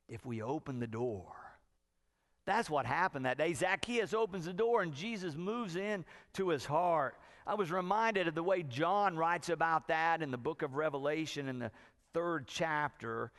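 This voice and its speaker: A man pastor preaching a sermon, telling stories with wide swings from hushed to loud. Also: a little high.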